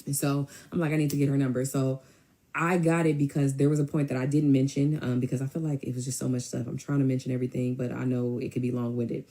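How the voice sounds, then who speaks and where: A woman telling a personal story in a casual, animated way, with emphatic asides. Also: a bass voice. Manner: animated, emphatic, quick to mimic others.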